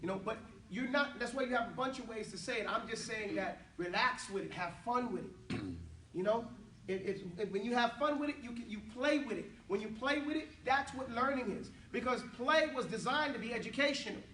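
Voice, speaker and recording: A man's voice: extremely high pitch, brisk, sharp tone, a little hiss or hum. A man teaching an Arabic class, playful and joking as he drills the students on phrases. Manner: playful, joking, switching between English and Arabic. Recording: echoey room, voice from a distance.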